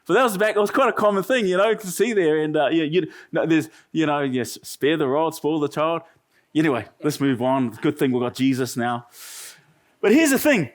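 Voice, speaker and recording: High-voiced New Zealand man preaching. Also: expressive, brisk. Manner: humorous storytelling, chatty asides to the congregation. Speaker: pastor. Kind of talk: sermon.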